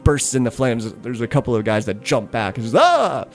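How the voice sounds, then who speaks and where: A man's voice: medium pitch, fairly even intonation, a little fast, a little mellow, faint music behind. A man narrating a tabletop game as game master, rambling a little with restarts and laughing easily.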